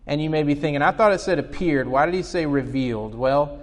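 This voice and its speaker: A man's voice: a little high, normal speed, long reverb tail. A man preaching a sermon as pastor, earnest and explanatory, asking the congregation questions.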